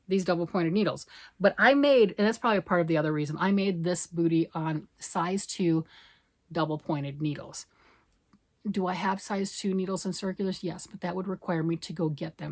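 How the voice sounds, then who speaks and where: An older woman, a grandmother, chatting casually and rambling a bit as she shows her knitting project. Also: on the low side. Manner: chatty, rambling, self-deprecating. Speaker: knitting vlogger.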